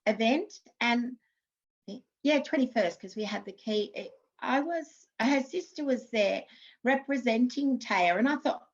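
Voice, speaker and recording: A woman's voice: fairly high pitch, animated, unhurried, muffled recording. Chatty Australian woman telling stories. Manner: chatty, warm anecdotes with laughs and restarts. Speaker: guest, former TV actress. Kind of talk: casual interview storytelling.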